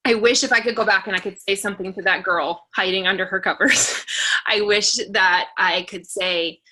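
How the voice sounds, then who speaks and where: Bright-voiced chatty woman speaker. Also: medium pitch, steady tone, normal speed. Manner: chatty, filler-heavy, laughs between phrases; earnest and encouraging. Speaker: motivational speaker for a sales team. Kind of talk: personal story talk.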